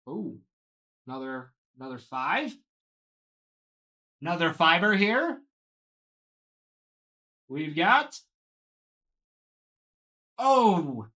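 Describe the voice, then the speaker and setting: Excitable man hosting a card break. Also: fairly high pitch, drawn-out words, pauses often. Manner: excitable, gushing over each card; talks to viewers by name. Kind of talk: live card box break.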